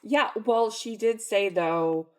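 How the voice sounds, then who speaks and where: A woman's voice: mid-range voice, smooth. A young woman co-hosting a book club podcast, talking casually and laughing often in a playful way. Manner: giggly, playful, quick to laugh.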